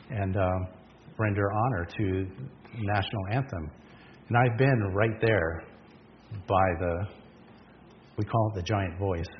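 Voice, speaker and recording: A man's voice: lowish voice, slight background noise. Man, pastor, earnest emphatic sermon, long hall reverb, dull lo-fi sound. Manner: earnest, emphatic preaching with rhetorical questions.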